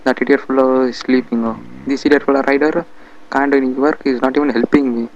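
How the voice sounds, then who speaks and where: A man's voice: medium pitch, fairly even intonation, quick pace, muffled recording, a little hiss or hum. A man with an Indian English accent doing a comic dub of a video game, bickering and muttering to himself as he goes.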